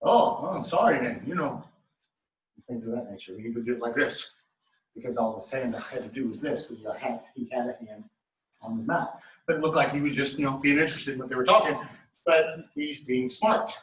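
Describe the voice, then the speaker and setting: A man teaching a martial arts class, calling out moves step by step in a steady coaching way. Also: mid-range voice, brisk, a little hiss or hum. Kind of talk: class instruction. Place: training studio. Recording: echoey room, mic at a distance.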